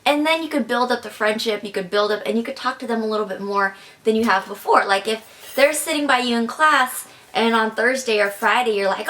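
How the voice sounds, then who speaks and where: A young advice vlogger talks in a chatty, casual way, her speech packed with "like" and "kinda." Her voice is fairly high, brisk and a bit bright.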